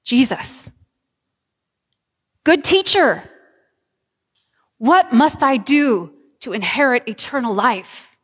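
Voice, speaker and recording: A woman's voice: sits high, big pitch swings, slow, pauses often, a bit bright, breathy edge, voice pushed up, heavily acted. A woman voicing a pleading young man. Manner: pleading, urgent. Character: eager, desperate wealthy young man. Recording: reverberant church hall.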